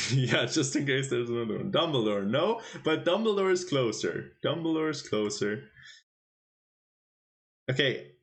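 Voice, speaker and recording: A man commentating a chess tournament on his live stream, casually teasing his chat and quizzing viewers. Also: medium pitch. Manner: playful, teasing the chat with quiz questions.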